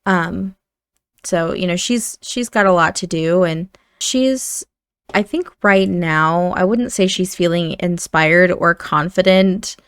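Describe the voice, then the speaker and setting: A woman's voice: lowish voice, takes it slowly, clean tone, no room sound, clean studio sound. A woman hosting a gaming channel, chatting casually and rambling with fillers as she narrates a life-sim game. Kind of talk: casual let's-play narration.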